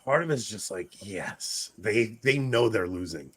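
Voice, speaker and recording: A man's voice: fairly low pitch, expressive, unhurried, fairly bright tone, breathy edge, no echo. A man from Long Island with a New York accent, hosting a casual podcast chat, laughing often and restarting his sentences. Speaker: podcast host.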